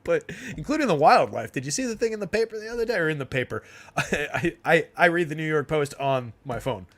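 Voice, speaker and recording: A man's voice: a little high, expressive, a little fast, fairly bright tone. A young man from New Jersey hosting a fantasy sports livestream, rambling in a casual, chatty way with frequent laughs and fillers. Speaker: fantasy sports stream host.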